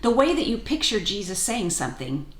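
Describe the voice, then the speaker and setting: A woman's voice: medium pitch, very animated, a little fast. A woman co-hosting a casual faith podcast, speaking thoughtfully and personally. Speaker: podcast co-host. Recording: roomy echo.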